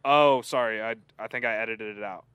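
A man's voice: lowish voice, fairly quick, fairly bright tone, smooth, no room sound. A man co-hosting a podcast in laid-back casual chat, with many fillers. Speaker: podcast co-host.

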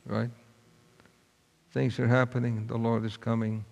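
A man's voice: medium pitch, flat delivery, unhurried, gravelly, darkish tone. A man preaching a sermon, telling a story in a folksy, earnest way. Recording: long hall reverb.

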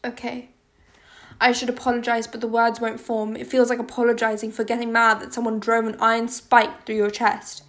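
A woman narrates a first-person audiobook with intimate, emotionally charged delivery. Her voice sits fairly high. Its melody stays narrow and contained. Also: completely flat delivery, a little fast, few pauses, fairly bright tone.

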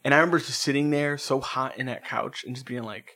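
A man chatting casually as a co-host and spinning long, rambling stories. He swears freely and laughs through his own tales. His voice sits at an ordinary middle pitch. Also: fairly even intonation, quick pace, bright, forceful tone. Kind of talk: casual chat.

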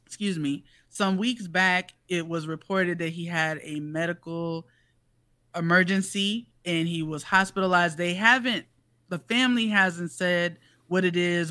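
A man's voice: fairly high pitch, sharp tone, no room sound. A man co-hosting a podcast who chats casually, brings up news topics and laughs easily. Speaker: podcast co-host.

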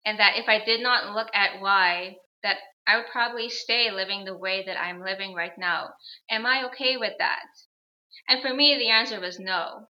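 A woman's voice: mid-range voice, moderate pace, lo-fi sound. A woman in her thirties, a guest on an interview show, telling a personal story in an earnest, reflective way and repeating phrases for emphasis.

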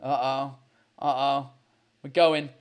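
A man's voice: mid-range voice, level tone, slow pace, clean tone. A man hosting a live video call show, chatting in an upbeat way with callers and often stumbling over and repeating his words. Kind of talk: casual live-stream chat with callers. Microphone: computer mic on a video call.

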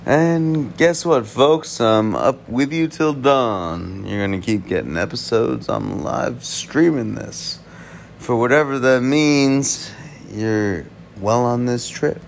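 A man's voice: medium pitch, slow pace, vocal fry, a little hiss or hum. A man live streaming late at night, rambling and preaching in improvised rhymes and chuckling between lines.

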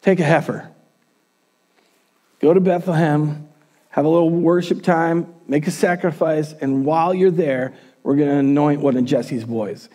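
A man voicing God as brisk and casual, giving offhand commands in a retold story. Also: a little high, mellow, natural voice.

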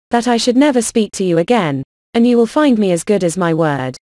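A woman's voice: medium pitch, darkish tone, dry recording, studio quality, natural voice. A woman voicing a fretful, self-pitying middle-aged mother in an audiobook, whining and dramatic. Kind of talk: audiobook character reading.

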